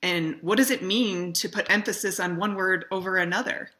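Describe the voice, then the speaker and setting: A woman's voice: fairly low pitch, moderate pace, bright, forceful tone. A woman talking straight to camera in a conversational way, giving advice on speaking for video and stressing words for emphasis. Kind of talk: casual direct-to-camera talk.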